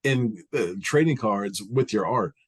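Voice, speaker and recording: Relaxed, conversational male podcast host. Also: on the low side, a little slow, husky, dry recording. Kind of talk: casual interview.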